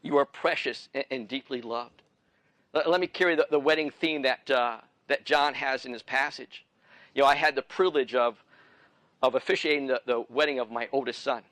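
A man's voice: medium pitch, steady tone, moderate pace, fairly bright tone, dry recording, low-quality recording. A middle-aged man preaching a sermon as pastor, earnest, with repeated phrases and frequent restarts.

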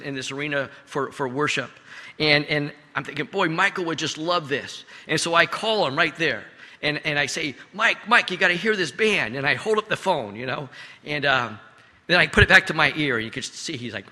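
A middle-aged man preaching a sermon as a pastor, telling earnest stories and often dropping his voice softly. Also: medium pitch. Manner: earnest storytelling with soft drops in volume. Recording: long reverb of a large hall.

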